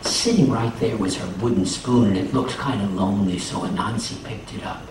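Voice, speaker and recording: Male storyteller, animated, live for children, distant mic, roomy echo, noisy. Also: fairly quick. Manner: animated, asks the children questions, voices rise high in excitement. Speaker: storyteller and folk singer. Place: school room with a child audience. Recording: echoey room from far off, noisy.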